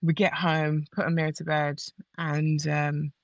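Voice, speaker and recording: A woman guest on a podcast, telling a personal story in a casual, animated way and acting out what others said. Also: low voice, unhurried, dry recording, lo-fi sound.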